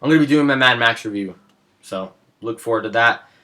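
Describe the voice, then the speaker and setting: A man's voice: medium pitch, fairly quick, pushed and bright, slight background noise. A young man in a casual vlog, talking with rambling enthusiasm about his favorites. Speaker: movie vlogger. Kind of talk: casual chat.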